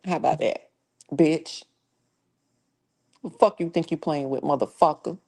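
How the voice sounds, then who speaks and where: A woman's voice: sits low, measured pace, darkish tone. A woman hosting a casual livestream who talks profanely and scolds trolls in her chat in a confrontational tone. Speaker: livestream host.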